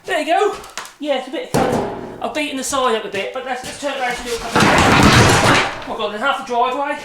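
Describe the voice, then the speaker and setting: A man's voice: very high-pitched, fast talker. A man chatting casually in a home workshop vlog, rambling and correcting himself as he talks through a machine. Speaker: hobby woodworker showing a machine. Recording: echoey room, distant mic, noisy background.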